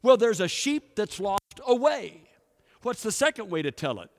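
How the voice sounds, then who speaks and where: A man's voice: sits high, very animated, normal speed. Man preaching in an echoing hall. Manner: storytelling preacher, asks the congregation questions. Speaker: pastor. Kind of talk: sermon. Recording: echoey hall with long reverb.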